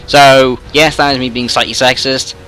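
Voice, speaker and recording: Young english dude ranting on his gaming channel, bright edgy voice, lots of ums and swearing, just kinda rambles. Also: mid-range voice, fairly even intonation, moderate pace, faint music behind. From England. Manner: rambling and sweary, full of ums and trailing asides. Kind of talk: ranting monologue.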